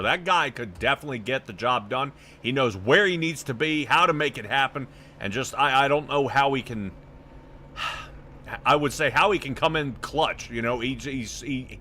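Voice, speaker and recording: A man's voice: medium pitch, pushed and bright, slight background noise. A man doing casual, chatty play-by-play for a sim racing broadcast, often trailing off and laughing.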